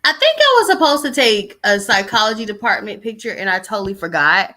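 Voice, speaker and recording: A woman's voice: mid-range voice, big pitch swings, a little fast, pushed and bright. A young woman talks straight to the audience in a loose, chatty way. She tells a personal story full of slang, asides and digressions. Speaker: host. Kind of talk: casual chat.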